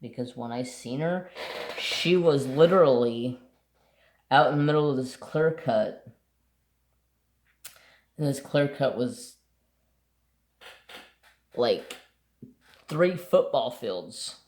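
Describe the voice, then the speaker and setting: Slow-talking man in an echoey room. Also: mid-range voice. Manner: relaxed, rambling, swears casually. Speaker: craft channel host. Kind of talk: casual storytelling while painting. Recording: roomy echo.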